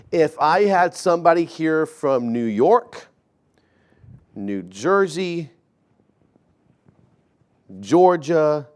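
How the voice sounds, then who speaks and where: A man preaches a relaxed teaching sermon. His voice sits on the higher side, and he takes an unhurried pace. He keeps turning to the congregation with friendly asides.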